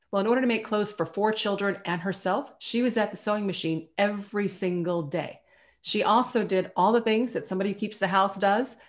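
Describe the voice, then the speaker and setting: A woman speaks as a guest on a business panel and tells personal stories. She is animated and voices the people she quotes as she goes. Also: mid-range voice. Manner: animated storyteller acting out quoted dialogue.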